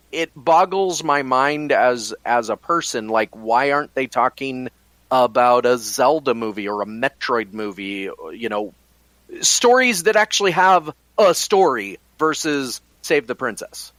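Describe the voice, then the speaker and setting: A man's voice: a little high, fairly bright tone, dry recording. A man co-hosting a casual podcast, musing and rambling about games and movies with frequent restarts. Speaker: podcast co-host.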